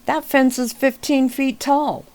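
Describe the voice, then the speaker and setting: A woman voicing a gruff young male werewolf in a storybook reading. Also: high-pitched, steady tone, a little slow, a little mellow, voice pushed up. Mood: alarmed.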